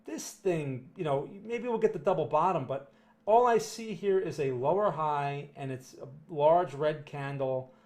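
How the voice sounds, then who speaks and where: A man's voice: fairly high pitch, unhurried, darkish tone. A man with a New Jersey accent giving blunt, emphatic live chart commentary to viewers, often tagging "right?" and "okay?" onto his points. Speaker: market analyst answering viewer questions.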